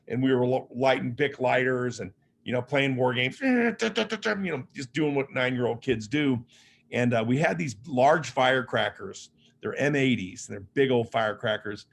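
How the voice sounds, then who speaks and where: With a mid-range voice that is creaky, a bit bright and slightly rough, a man from Las Vegas, Nevada, USA gives a motivational keynote as an author and speaker. He shares personal anecdotes in a humorous, conversational, self-deprecating style.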